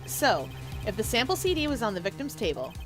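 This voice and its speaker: A woman's voice: on the high side, huge pitch swings, brisk, faint music behind. A woman reading game dialogue as an earnest young male defense lawyer, in a plain reading voice.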